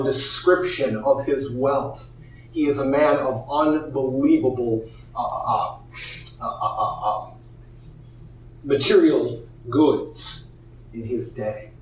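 A man preaching a sermon, expressive, acting out the voices in the story he tells. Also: a little high. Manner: expressive, acts out quoted voices. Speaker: pastor. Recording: echoey room, heard from a distance.

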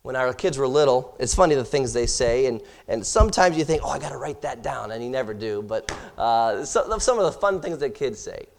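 A middle-aged man preaching a sermon to his congregation, moving between hushed, low passages and loud, emphatic ones. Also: animated, a little fast, few pauses. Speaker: pastor. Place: church hall with congregation.

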